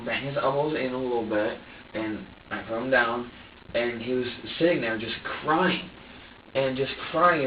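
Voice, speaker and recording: A man under police questioning who recounts events haltingly, repeating himself and swearing. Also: mid-range voice, slight background noise. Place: police interrogation room. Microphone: distant room camera mic. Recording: dull, echoey room audio from far off.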